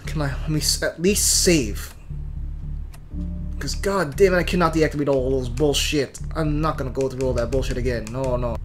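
A man's voice: medium pitch, normal speed, faint music behind. A young man giving let's play commentary, muttering to himself and cursing often. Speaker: gamer.

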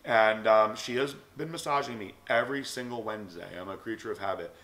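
A man's voice: lowish voice, fairly quick, fairly bright tone. A man hosting a vlog, telling a story casually and rambling with many fillers. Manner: rambling, lots of likes and ums. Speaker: vlog host. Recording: echoey room with long reverb.

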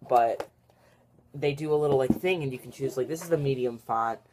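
A young vlogger chatting casually on camera in a daily vlog, rambling and filling every pause with "like" and "literally". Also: mid-range voice, darkish tone, a little hiss or hum. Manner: rambling, filler-heavy, says "like" and "literally" a lot.

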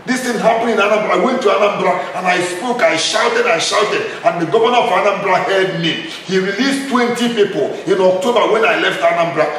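A man's voice: sits high, a little fast, few pauses, fairly bright tone. A man with a Nigerian accent, a charity founder interviewing a couple at his home, speaking in a fervent, preacher-like way with repeated emphatic lines. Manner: fervent, repetitive, rising to emphatic outbursts. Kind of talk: impassioned preacher-like address. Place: his own house. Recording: very echoey room, mic far off, faint noise.

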